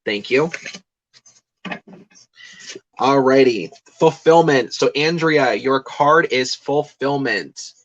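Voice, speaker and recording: A man's voice: mid-range voice, slow, dull audio. A young man in his twenties, a psychic medium, giving a rambling live card reading full of fillers and restarts. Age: 20s.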